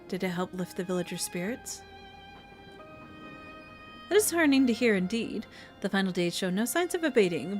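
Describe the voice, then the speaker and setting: A woman voicing a composed village leader in a fantasy game, speaking in a solemn, formal, steady way. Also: mid-range voice, natural voice.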